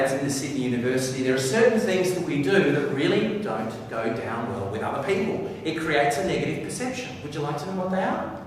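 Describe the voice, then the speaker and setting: High-pitched guy doing a lively talk on stage, bossing the crowd around playfully, big echoey hall, mic way off. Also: a little hiss or hum. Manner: energetic, playful, directs the audience. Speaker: professional speaker. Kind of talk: live stage talk to an audience. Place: large hall with a live audience. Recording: echoey hall recorded from far off.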